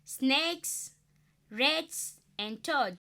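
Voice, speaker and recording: Bright, slow young woman student. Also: high voice, expressive. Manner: careful, recited answers. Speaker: student in the lesson.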